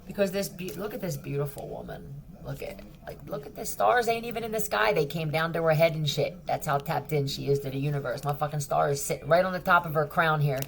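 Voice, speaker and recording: A woman's voice: deep voice, fairly quick, creaky, slight background noise. A woman giving a casual tarot reading, blunt, profane and mocking. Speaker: tarot reader.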